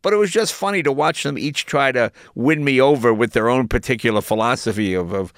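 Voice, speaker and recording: An older American man telling lively, laughing anecdotes as an interview guest. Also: mid-range voice, fairly quick, clean tone, no room sound, studio quality. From United States. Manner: animated anecdotes, laughing, jumping into voices. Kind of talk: casual storytelling in an interview.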